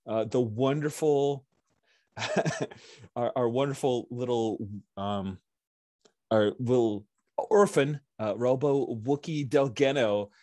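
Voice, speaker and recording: A man's voice: mid-range voice, a little mellow, no echo, studio quality. A man narrating a tabletop game as game master, chatty and enthusiastic.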